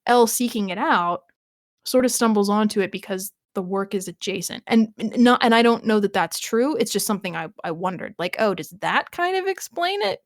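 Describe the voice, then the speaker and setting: A woman's voice: mid-range voice, dry recording. Chatty woman podcast host, dry sound. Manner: chatty, laughs often, trails off and restarts. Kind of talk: casual podcast chat recapping a TV episode.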